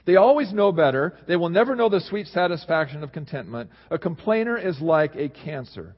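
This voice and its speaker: A man preaching a sermon as pastor, swinging between lively emphasis and low, quiet asides. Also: brisk. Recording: dull sound in a reverberant hall.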